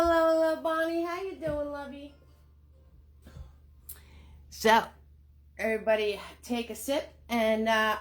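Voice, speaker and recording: A woman hosting a live painting lesson, chatty and upbeat, greeting viewers by name as she gives steps. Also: medium pitch. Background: faint Irish music.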